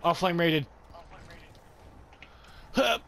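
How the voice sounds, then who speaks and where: A young British man in casual, crude gaming banter with friends, teasing and bursting into loud shouts. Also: on the high side, drawn-out words, creaky. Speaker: gamer. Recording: noisy gameplay chat recording.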